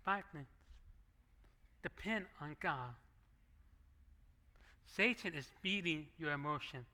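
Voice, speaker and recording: A middle-aged man preaching to a church congregation in a very bright, high-set voice. His sermon is relaxed and conversational, broken up by acted asides, and picked up on a handheld microphone. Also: slow pace. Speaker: pastor. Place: church sanctuary.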